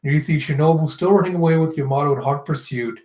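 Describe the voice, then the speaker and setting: A man's voice: fairly high pitch, fast, darkish tone, echoey room. A man casually reading through a comic chapter, acting out the characters' lines in a raised voice and laughing often. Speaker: manga reaction host. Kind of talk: casual manga reading and reaction.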